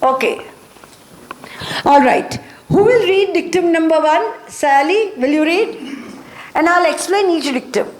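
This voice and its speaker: A woman's voice: very high voice, expressive, measured pace. A woman leading a motivation training class, speaking in short repeated phrases and checking in with her listeners. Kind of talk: classroom lecture. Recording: echoey room.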